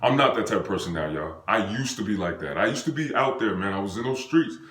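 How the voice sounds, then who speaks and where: A young man from the United States telling a personal story in an animated, slangy way, acting out what people said with sound effects. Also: fairly low pitch, quick pace. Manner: excitable, acts out quotes and sound effects, slangy and profane. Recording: roomy echo.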